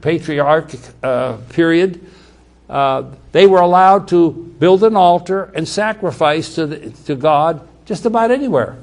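Preaching in a slightly high voice, this man leans on repeated key words, often starts sentences over, and alternates booming emphasis with soft asides.

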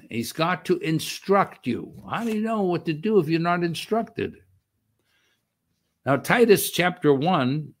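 An older man giving a conversational sermon as a minister, repeating phrases and using fillers. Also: fairly high pitch. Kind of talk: sermon teaching.

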